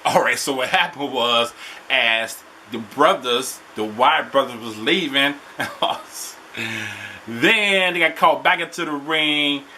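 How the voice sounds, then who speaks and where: A man in a casual vlog, recapping a wrestling show in animated, slangy talk. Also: medium pitch, takes it slowly, slight background noise.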